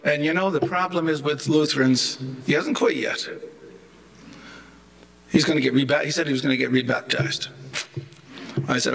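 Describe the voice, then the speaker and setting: A man's voice: on the high side, fairly even intonation, moderate pace, creaky, pauses often, fairly bright tone. An older man giving a humorous, anecdotal theology lecture, chatty and rambling, with wry joking asides.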